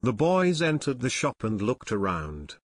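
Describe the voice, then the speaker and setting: A man's voice: medium pitch, very animated, unhurried, no room sound. Male audiobook narrator, dry close sound. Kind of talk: scripted narration.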